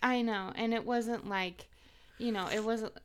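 A young woman co-hosting a podcast in casual chat, responding with soft sympathy. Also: a little high, steady tone, a little hiss or hum. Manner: sympathetic, slow, soft reactions. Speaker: podcast co-host.

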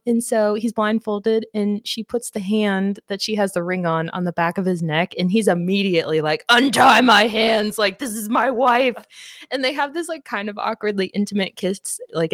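A woman's voice: medium pitch, no room sound, clean studio sound. A woman co-hosting a casual book podcast, laughing often and getting emotional as she recaps the story. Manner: giggly, emotional, swears casually, reads passages aloud. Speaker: podcast co-host. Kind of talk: casual book-club chat.

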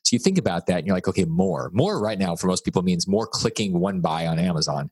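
Low husky-voiced man, dry close sound. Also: animated, fast, darkish tone, no room sound. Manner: emphatic, repeats key words, blunt jokes. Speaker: guest author. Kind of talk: podcast interview conversation.

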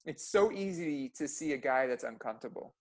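A man's voice: medium pitch, expressive, brisk. Intense, blunt-talking man. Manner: intense, blunt, swears freely. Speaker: medical practitioner. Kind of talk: casual podcast chat.

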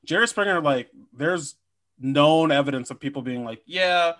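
A man's voice: a little high, lively intonation, normal speed, a bit bright. A man co-hosting a podcast in casual chat, joking and slipping into silly impressions. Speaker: podcast co-host.

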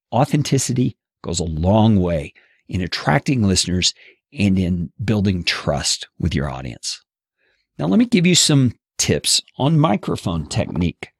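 Expressive male course instructor, husky and gravelly, close dry studio sound. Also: fairly low pitch, no echo. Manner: expressive, animated delivery. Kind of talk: instructional podcast teaching. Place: home studio, seated at a table. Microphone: studio mic on boom arm, close.

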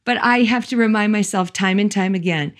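A woman's voice: medium pitch, a little fast. A woman in her fifties giving a chapel talk, chatty and self-deprecating, laughing often as she tells personal stories. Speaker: chapel speaker. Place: large hall. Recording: echoey hall with long reverb.

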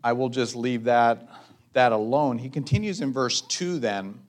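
A man preaching a measured, thoughtful sermon as a pastor, pausing for reflective asides. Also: mid-range voice.

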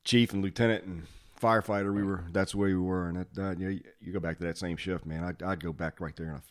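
A man hosting a podcast, a former fire officer telling old station stories in a lively way, acting out the quotes and laughing often. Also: sits low, fast talker. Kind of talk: casual storytelling chat.

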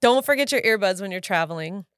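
Fast and lively in a mid-range voice, a thirtysomething woman co-hosting a casual podcast spins stories, quotes herself, and laughs a lot. The recording is dry and studio quality.

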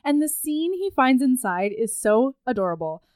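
A woman with a fairly high voice retells a story in a casual chat, gushing with enthusiasm. The recording is dry and close, with no room sound. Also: sing-song, moderate pace, a little mellow, clean tone, no room sound. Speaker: podcast co-host discussing a book.

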